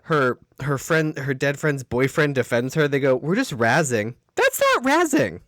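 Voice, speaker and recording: A man's voice: mid-range voice, moderate pace, fairly bright tone, no room sound. A man co-hosting a podcast, recapping a movie in casual chat with sarcastic, dry asides. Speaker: podcast co-host.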